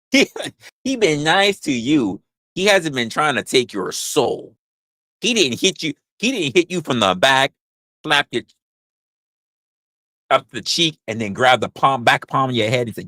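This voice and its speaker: A man's voice: mid-range voice, bright, forceful tone, dry recording. A man hosting a livestream in casual chat, rambling, crude and joking, repeating his phrases into a close mic. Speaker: livestream host.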